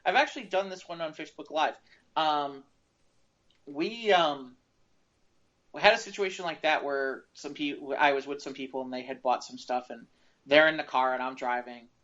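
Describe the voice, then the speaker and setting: A man's voice: on the high side, moderate pace. Man telling stories on a muffled podcast. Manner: rambling, animated anecdotes with restarts. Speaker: podcast co-host. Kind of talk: casual storytelling chat. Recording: dull lo-fi sound.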